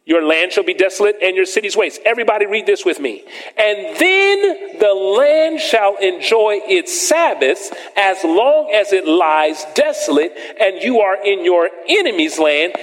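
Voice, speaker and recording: Male preacher, emphatic scripture reading, fairly high voice, long hall echo. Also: sing-song. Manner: reads scripture slowly and emphatically, questioning the congregation. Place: church sanctuary with congregation.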